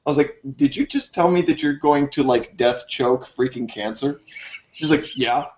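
A man casually telling a long funny story to friends, jumping up in pitch when he acts out his own reactions. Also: moderate pace. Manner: animated, jumps high for quoted reactions. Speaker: podcast co-host telling a story. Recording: dull lo-fi recording.

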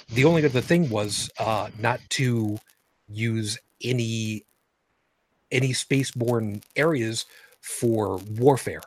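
A man hosting a live-streamed space discussion show, rambling and halting with many fillers and restarts. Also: medium pitch, slightly rough, no room sound. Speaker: podcast host.

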